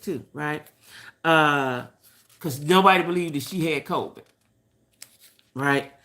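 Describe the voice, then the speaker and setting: Chatty gossiping woman, lively pitch. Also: unhurried. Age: older. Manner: chatty, opinionated, talks to viewers as y'all. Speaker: host. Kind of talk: casual gossip chat.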